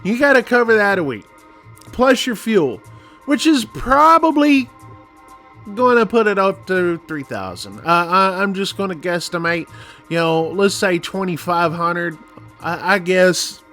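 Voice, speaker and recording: A man's voice: high-pitched, lively intonation, a little slow, pushed and bright, faint music behind. A man in his forties, a truck driver and channel host, casually ranting a warning to viewers in an emphatic, rambling way that repeats itself. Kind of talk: casual warning rant to camera.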